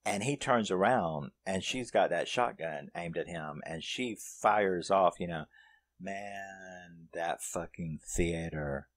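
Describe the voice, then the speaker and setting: A man's voice: deep voice, dry recording. A man reviewing a horror film in casual, profane storytelling, retelling its plot scene by scene.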